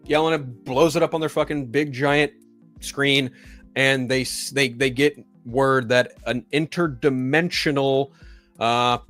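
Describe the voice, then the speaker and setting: Profane, animated male stream host. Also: medium pitch. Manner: profane, ranting, rises into loud exasperation. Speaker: solo live-stream host. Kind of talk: casual live-stream commentary.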